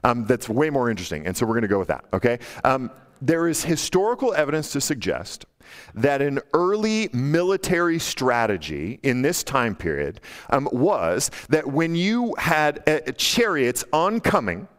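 A male pastor preaching a casual, animated sermon, acting out quotes in a playful, high teasing voice. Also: normal speed. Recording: long hall reverb.

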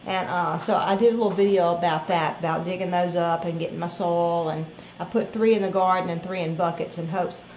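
A woman's voice: lowish voice, steady tone, fairly quick, few pauses, darkish tone. A woman chatting in a rambling, easygoing way about her farm chores. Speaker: co-host of a farm channel. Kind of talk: casual chat. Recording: roomy echo with faint noise.

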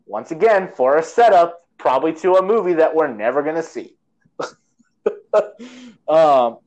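A man in casual movie-review chat, his voice sitting a little high. He rambles, restarts his sentences and tosses in sarcastic digs. His delivery is loose and conversational. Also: darkish tone. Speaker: podcast co-host, movie reviewer.

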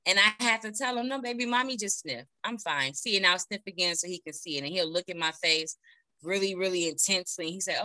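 A woman's voice: lowish voice, pushed and bright, clean tone, no room sound, low-quality recording. A woman in her thirties telling a personal story as an interview guest on a video call, earnest and heartfelt, with many fillers.

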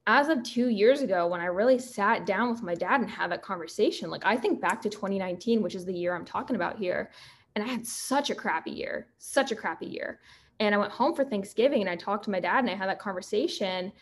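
A woman in her early twenties from Pennsylvania, hosting a solo podcast and telling a personal story with lively, acted-out dialogue. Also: medium pitch, a little fast. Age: 20s. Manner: animated storyteller, acts out quoted dialogue. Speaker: podcast host and fitness coach.

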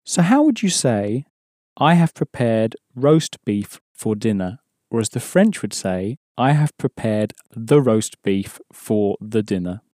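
Calm man teaching a language lesson. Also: fairly low pitch, unhurried, no room sound, clean studio sound. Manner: patient, explains step by step, prompts the learner.

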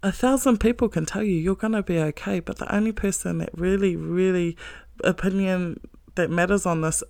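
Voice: mid-range voice, normal speed, gravelly, a little mellow, no echo. A self-help speaker giving a blunt, heavily profane motivational monologue, earnest and emphatic, with short laughs.

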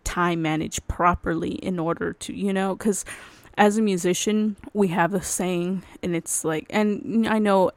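A woman's voice: lowish voice, steady tone, unhurried, dry recording. A young adult woman hosting her solo podcast in casual chat, rambling, cutting herself off and laughing often. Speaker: podcast host.

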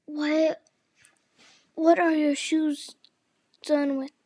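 A woman's voice: sits high, little pitch movement, extremely slow, darkish tone, no echo. A woman reading the lines of a male griffin in a storybook, solemn and impatient, often half-whispered.

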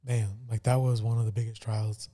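Somber man with a very dark voice. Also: on the low side, little pitch movement. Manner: somber, halting storytelling with many fillers. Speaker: podcast co-host. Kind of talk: casual personal testimony.

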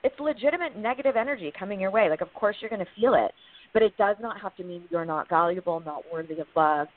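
A woman's voice: medium pitch, fast. A woman speaking frankly and with energy in a podcast conversation, swearing casually. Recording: dry, thin phone-like sound.

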